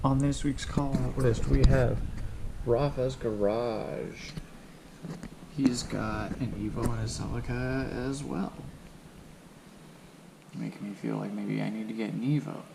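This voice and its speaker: A man with a gravelly voice at an ordinary pitch talks casually about cars, rambling and restarting his sentences. Steady noise sits behind him in the recording. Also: a little slow, pauses often. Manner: loose and rambling, many ums and restarts. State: hiccups. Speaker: car channel host. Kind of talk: casual vlog talk to camera.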